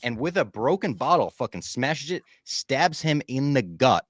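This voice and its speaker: A man's voice: mid-range voice, very animated, a little slow, dry recording, studio quality. A young man co-hosting a podcast in casual chat, animatedly recapping scenes and acting out lines. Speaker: podcast co-host.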